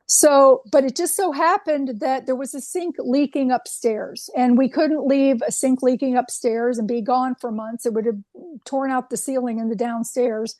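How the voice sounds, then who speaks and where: High-voiced woman telling a story. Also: normal speed, no room sound. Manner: animated anecdote with acted quotes. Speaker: guest. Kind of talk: storytelling in an interview.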